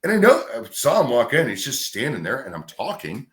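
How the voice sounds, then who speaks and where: A middle-aged man, a radio host, telling a career story in a casual, animated way. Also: mid-range voice, a little fast. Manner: animated anecdote telling with acted-out quotes. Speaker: radio host, podcast guest.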